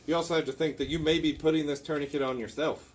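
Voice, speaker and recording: A man's voice: on the high side, steady tone, fast talker, slight background noise. A man from Indiana teaching a hands-on medical class in a casual, blunt, joking way. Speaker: tactical medicine instructor.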